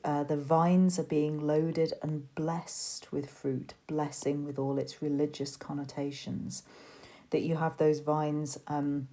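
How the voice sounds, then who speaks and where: Low, mellow-voiced woman teaching poetry. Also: level tone, slow pace. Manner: explanatory, thinking aloud with fillers and restarts. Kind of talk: recorded literature lesson. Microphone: tablet voice-over recording.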